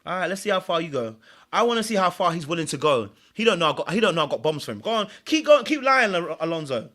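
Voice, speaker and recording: A man voicing a composed woman who quietly and coolly taunts a liar to keep going. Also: on the high side, very animated, fast. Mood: cool taunting.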